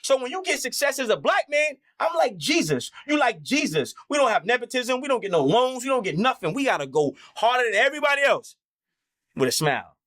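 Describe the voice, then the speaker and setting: A man's voice: extremely high pitch, sing-song, fairly quick, a bit bright. A man talking as an interview guest in a heated, candid conversation, impassioned and profane, acting out the voices he quotes.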